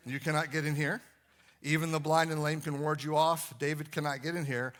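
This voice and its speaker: Jeering wall guards with an exaggerated bad French accent, arrogant and taunting as a man puts them on. The voice is bright and forceful, sure no one can get past them. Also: a little high, level tone, brisk, natural voice. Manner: taunting, overconfident. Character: mocking male fortress guards, arrogant taunting.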